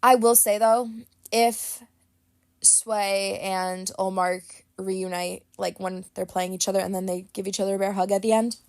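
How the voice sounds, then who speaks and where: A young woman talking straight into a close mic in a dry, deadened space, hosting her own podcast. She rambles chattily through fillers and restarts. Her opinions come out blunt and unfiltered. Her voice sits at an ordinary middle pitch. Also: fairly even intonation, a little slow, darkish tone, no echo. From Boston area. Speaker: podcast host. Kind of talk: casual chat.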